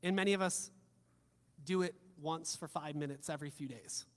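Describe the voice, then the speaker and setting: A man preaching a sermon in a fairly high voice, his delivery swinging from loud emphatic lines to quiet, soft ones. He drops casual joking asides like a pastor talking to his own congregation. The sound carries the long reverb of a big hall. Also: normal speed.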